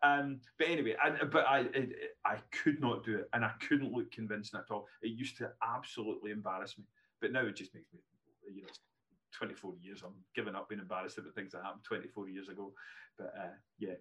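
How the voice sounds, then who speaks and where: Animated man in his fifties. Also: lowish voice, fast. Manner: animated, self-deprecating, frequent restarts. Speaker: guest, neurologist. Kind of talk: casual podcast storytelling.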